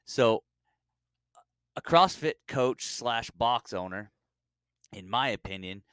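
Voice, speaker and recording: A man co-hosting a podcast, telling a stand-up comedy bit with animated storytelling and sudden high mock voices. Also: dry recording, studio quality. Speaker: podcast co-host.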